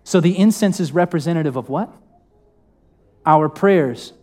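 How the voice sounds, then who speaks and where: In a church hall, a young male preacher delivers his sermon in a slightly high, somewhat mellow voice. He keeps the tone informal and conversational, takes his time, and repeatedly puts questions to the congregation.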